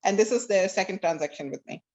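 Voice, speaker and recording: A woman's voice: mid-range voice, lively intonation, fast, a little mellow. A woman real estate agent co-hosting a casual discussion, candidly telling stories about her own work and temper.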